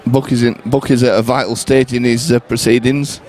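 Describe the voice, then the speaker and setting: A man's voice: mid-range voice, little pitch movement, fairly quick, a little mellow. A man co-commentating a pool match, teasing his partner with dry banter. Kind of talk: casual live commentary.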